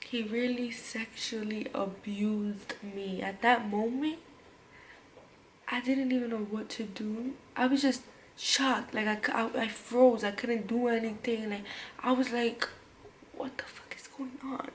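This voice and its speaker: A young woman recounts a story for her vlog in loose, slangy speech, stumbling over fillers and restarts and now and then sinking to a whisper. Her voice sits a little high, with a faint hum of room noise behind it. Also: steady tone, rough recording. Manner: casual, slangy, halting with many fillers and restarts. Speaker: vlogger.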